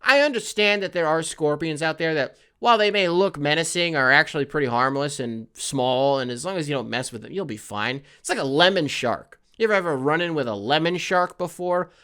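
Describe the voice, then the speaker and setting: A man's voice: a little high, expressive, a little fast, few pauses, pushed and bright, smooth. A man hosting a comedy podcast, rambling through absurd bits and acting out voices. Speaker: podcast host. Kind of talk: comedic solo riffing.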